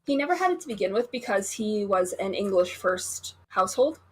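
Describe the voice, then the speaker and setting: A woman's voice: mid-range voice, lively intonation, brisk, slight background noise. A woman who is an artist, a guest on a casual stream, talking in an easygoing, rambling way with many fillers.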